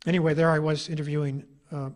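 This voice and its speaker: A middle-aged man lectures to an audience in a wry, ironic storytelling manner. His voice sits a bit higher than most men's. He is an author spinning anecdotes for a crowd. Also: little pitch movement, fast talker, darkish tone. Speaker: author giving a talk.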